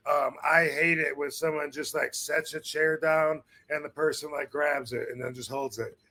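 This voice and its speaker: A man's voice: a little high, steady tone, normal speed, sharp tone. A man hosting a podcast in casual chat, laid-back and slangy, often trailing off mid-sentence. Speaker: podcast host.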